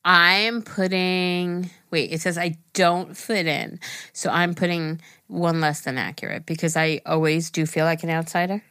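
A woman's voice: fairly low pitch, steady tone, measured pace, fairly bright tone, clear, resonant tone, no echo, studio quality. A woman co-hosting a podcast in casual chat, making short, wry, self-mocking remarks. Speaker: podcast co-host.

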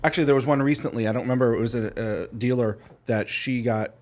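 A man joining a casual podcast chat, explaining points slowly and steadily. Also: medium pitch, fairly even intonation. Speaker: podcast guest.

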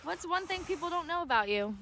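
A young woman on a casual podcast, briskly reading interview questions and teasing the host. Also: very high voice, expressive, a bit bright, slight background noise.

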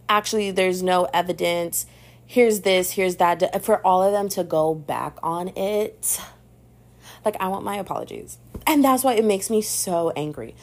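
A young woman hosting a podcast, chatting in a sassy, animated way about pop culture and calling the listener "babes.". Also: lowish voice. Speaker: podcast host. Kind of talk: casual pop-culture gossip commentary.

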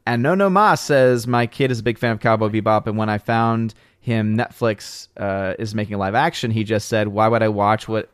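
A man's voice: fairly low pitch, moderate pace, hardly any pauses, clean tone, no room sound, studio quality. A man co-hosting a casual chat, reading comments and talking with frequent restarts and fillers. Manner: hesitant, many restarts and fillers. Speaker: podcast co-host reading chat.

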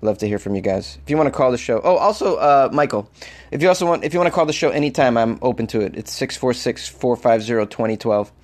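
A man hosting a solo comedy podcast, animated and over-caffeinated, swinging from loud jokes to muttered asides. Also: medium pitch, fast. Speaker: podcast host.

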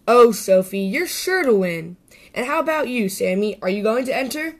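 A woman voicing a gentle mother squirrel. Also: a little high, sing-song, moderate pace. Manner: gentle, reassuring. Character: warm, patient mother squirrel.

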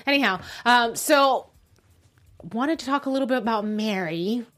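Brief: young woman co-host, a bit high-voiced, chatty and easygoing, quick to laugh at herself. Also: a bit bright, soft background music. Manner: chatty, laughs easily, self-deprecating asides. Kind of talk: casual live show chat.

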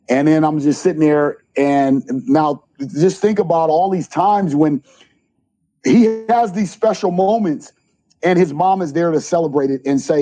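A middle-aged man, a junior college basketball coach, telling animated stories in an interview and acting out the quotes. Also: on the high side, moderate pace. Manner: animated storyteller, acts out quotes. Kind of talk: interview storytelling.

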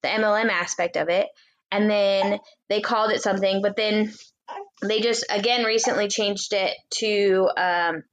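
A woman co-hosting a podcast, explaining things in casual chat with many ums and pauses. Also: mid-range voice, fairly even intonation. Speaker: podcast co-host.

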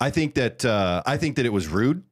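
A young man hosts a casual livestream chat show. His pitch jumps around in a lively, animated way as he teases the others and laughs between lines. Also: fairly quick. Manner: teasing, laughs often, greets chat. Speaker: podcast host.

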